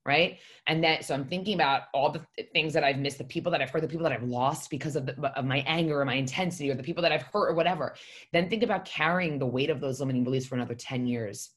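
A woman with a notably deep voice talks casually, sharing a personal story. She is blunt and emphatic, swearing freely, and speaks from the heart in a confessional way. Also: quick pace.

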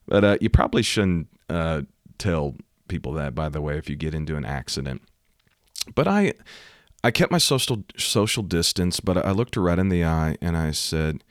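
A man's voice: low voice, lively intonation, moderate pace, dry recording, clean studio sound. A man hosting a Christian podcast, telling a story in an earnest, folksy way. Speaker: podcast host. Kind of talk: storytelling devotional podcast talk.

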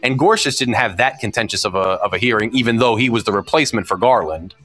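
Guy on his podcast going off about politics, lowish voice, keeps repeating himself, frustrated, soft music in the back. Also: fast talker. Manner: emphatic, repetitive, frustrated ranting; mocks opponents in put-on whiny voices. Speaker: podcast host. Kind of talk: opinionated solo political commentary. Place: lives near New York City.

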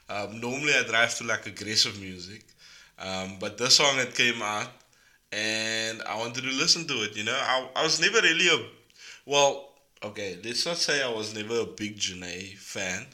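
A man's voice: lowish voice, moderate pace, bright, forceful tone. A man co-hosting a podcast in casual chat, full of laughing banter and filler words like "bruh". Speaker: podcast co-host.

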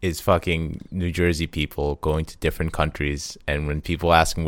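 A man's voice: extremely low pitch, flat delivery, fairly quick, hardly any pauses, no echo, clean studio sound. A young man, a former New Yorker, chatting casually in a laid-back, mocking way with plenty of swearing. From New York. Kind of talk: casual chat.

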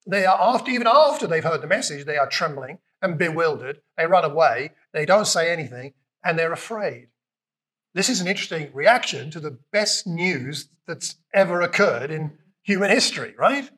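High-voiced British man preaching a sermon. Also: moderate pace. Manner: conversational, animated, acts out quotes with raised voice.

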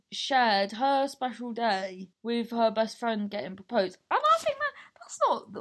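A young adult woman comedian telling stories in a casual, rambling way, full of asides and swearing. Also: mid-range voice. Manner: rambling, chatty, swears freely, lots of fillers and asides. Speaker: stand-up comedian. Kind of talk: casual storytelling chat.

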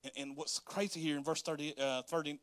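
Male preacher, slightly higher voice, close dry sound, animated delivery with frequent chuckles. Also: a little fast, no room sound. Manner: animated, laughs often, acts out quotes. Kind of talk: sermon reading and explaining scripture.

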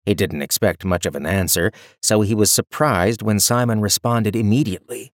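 A man reads a fantasy story aloud in a steady, measured way. His voice sits on the low side. The recording is close and dry. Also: no room sound. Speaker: narrator. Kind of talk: scripted narration.

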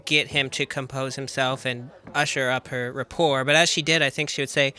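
Bright-voiced man thinking aloud. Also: medium pitch, flat delivery, normal speed, hardly any pauses. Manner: hesitant, thinking aloud, hedging. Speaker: player. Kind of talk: casual tabletop play.

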